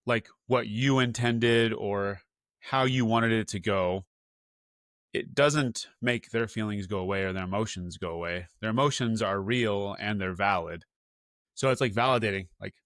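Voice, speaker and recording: A man's voice: lowish voice, moderate pace, a bit bright, dry recording, clean studio sound. A man hosting a podcast for dads, earnest and advising, with many "like" fillers. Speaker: podcast host, father. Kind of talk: casual interview chat.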